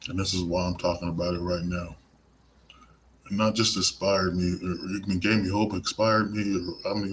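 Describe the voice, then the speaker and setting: Low-voiced man ranting emphatically. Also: little pitch movement, moderate pace, a bit bright, a little hiss or hum, low-quality recording. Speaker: podcast host. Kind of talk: live-streamed podcast monologue.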